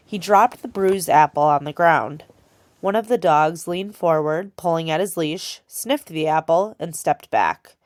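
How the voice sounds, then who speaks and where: A woman reading a children's novel aloud in a steady storytelling way. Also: deep voice, dry recording, clean studio sound. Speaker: audiobook reader.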